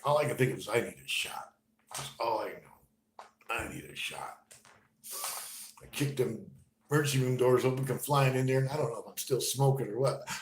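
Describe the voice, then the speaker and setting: A man telling a personal story in a halting, conversational way, dropping to a murmur and then bursting out loud. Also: medium pitch. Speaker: storyteller recounting his own experience. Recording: roomy room with faint noise.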